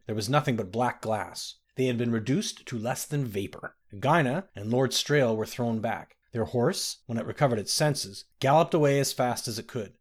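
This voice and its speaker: A man narrating a fantasy audiobook in a steady, dramatic storytelling manner. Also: mid-range voice.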